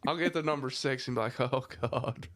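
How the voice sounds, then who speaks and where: A man hosting a podcast, chatting casually and tossing in quick laid-back questions. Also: mid-range voice, a bit bright, no echo. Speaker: podcast host. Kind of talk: casual chat.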